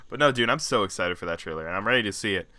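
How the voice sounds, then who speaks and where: A young man in his twenties chats casually as a podcast co-host, rambling through jokes and laughing at his own asides. His voice sits somewhat low but sounds bright and forward, recorded dry and close. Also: no room sound. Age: 20s. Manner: joking, rambling, laughs often. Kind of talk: casual chat.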